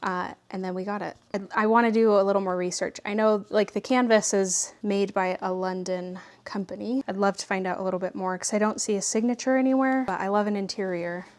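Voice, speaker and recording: A woman's voice: medium pitch, steady tone, darkish tone. Chatty woman unpacking antique finds. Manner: chatty, laughs often, quick asides. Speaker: antique dealer. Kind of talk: casual unboxing vlog. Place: home, indoors.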